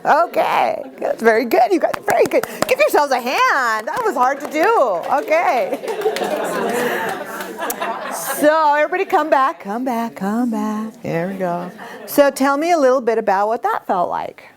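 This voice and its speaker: A middle-aged woman teaching a workshop, expressive and animated, often laughing as she talks. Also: sits high, measured pace, crowd noise. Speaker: workshop trainer.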